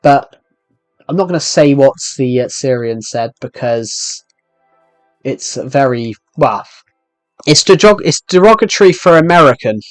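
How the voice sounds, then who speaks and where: A man's voice: medium pitch, animated, unhurried, no room sound, soft background music. A young man live-streaming a game, rambling and joking as he answers chat messages. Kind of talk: casual live-stream chat while gaming.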